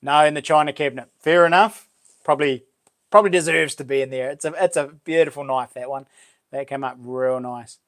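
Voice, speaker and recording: A New Zealand man hosting a casual live stream, chatting in a relaxed way, full of slang and reading out viewer comments. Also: medium pitch, brisk. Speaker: livestream host.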